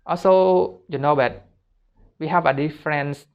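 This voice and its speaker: Slow, earnest self-help speaker, man. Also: fairly high pitch, highs cut off. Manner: earnest, repetitive, simple non-native phrasing. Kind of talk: motivational talk.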